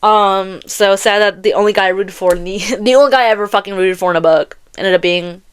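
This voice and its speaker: A woman's voice: medium pitch, a little fast, smooth. A young woman hosting a podcast, chatting casually about audiobooks with lots of slang, swearing and laughter. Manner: animated, laughing, profane slang. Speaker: podcast host. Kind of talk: casual chat about books.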